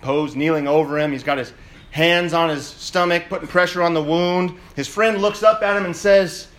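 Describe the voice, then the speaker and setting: Man, pastor, middle-aged, sermon, vivid storyteller, slightly high-pitched. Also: moderate pace. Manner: storytelling, lively and dramatic retelling.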